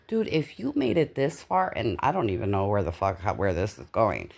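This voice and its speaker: A woman's voice: rumbling low, moderate pace, gravelly, hardly any pauses. A young adult woman recording a casual voiceover at home, talking candidly with lots of swearing and stopping now and then to catch her breath. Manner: candid, profane, rambling and animated. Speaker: vlogger. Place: dark living room at home. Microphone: home voiceover mic.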